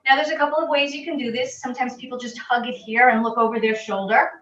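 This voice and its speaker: A woman fitness instructor calmly guiding a stretching class with gentle, reassuring cues. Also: on the high side, quick pace. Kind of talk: guided exercise instruction. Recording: roomy, distant, dull audio.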